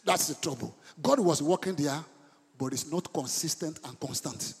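In a church hall full of long reverb, a middle-aged Nigerian man preaches with a fairly high voice at a moderate pace, with a little hiss or hum in the recording. He shifts sharply between quiet asides and loud outbursts, code-switches mid-sentence, and repeats words to drive points home.

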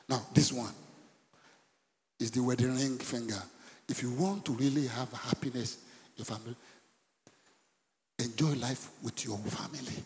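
A middle-aged man, preaching a sermon in animated bursts and asking the congregation questions. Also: a little slow, pauses often. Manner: animated preaching with sudden high bursts and call-and-response questions. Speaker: pastor. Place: church hall. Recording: church hall with long reverb.

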